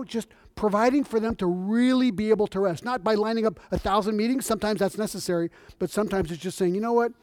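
A middle-aged man preaching a sermon in a church, in a conversational, animated storytelling manner. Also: high voice, no echo. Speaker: visiting missionary preacher.

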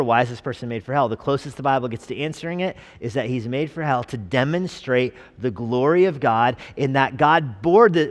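Male pastor, conversational sermon style with rhetorical questions; medium pitch, long church reverb.

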